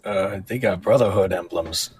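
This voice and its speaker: Husky, low-voiced male player. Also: moderate pace, darkish tone. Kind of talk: casual tabletop play.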